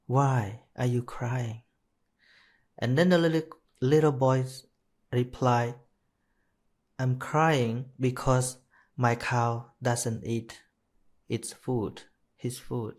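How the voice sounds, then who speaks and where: Slow, hesitant man telling a teaching story. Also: medium pitch, level tone, a little mellow. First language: Khmer. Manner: slow, hesitant, with many restarts and self-corrections. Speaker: Buddhist monk teaching dharma. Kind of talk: live dharma talk, telling a story.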